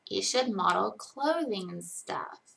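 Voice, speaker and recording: Young woman, live-stream Q&A, unhurried, vocal fry, hesitant ums. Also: medium pitch, lively intonation, a bit bright. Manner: hesitant, frequent ums and trailing pauses. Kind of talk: casual live-stream Q&A, reading chat questions aloud.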